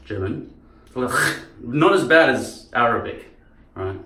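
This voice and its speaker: A man's voice: mid-range voice, lively intonation, takes it slowly, pushed and bright, slight background noise. A man rambling casually on a vlog, swearing freely and drifting between topics. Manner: rambling, swearing, jumping into impressions. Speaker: vlogger. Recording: roomy sound from a distance.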